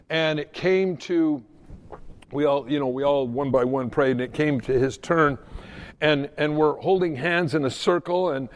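Male pastor, higher-pitched voice, lively storytelling sermon. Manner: storytelling, animated, repeats words.

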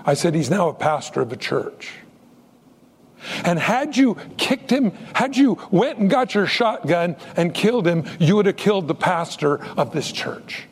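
A male pastor preaching a sermon, his husky voice ringing through a reverberant church hall. He tells stories with lively swings in pitch and acts out each character's lines. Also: a little slow. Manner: storytelling, acts out quoted dialogue.

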